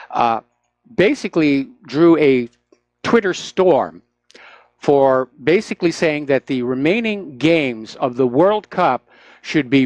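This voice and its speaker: Sarcastic talk radio host, dry close mic. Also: male voice, medium pitch, dry recording. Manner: sarcastic, opinionated, many "uh" fillers.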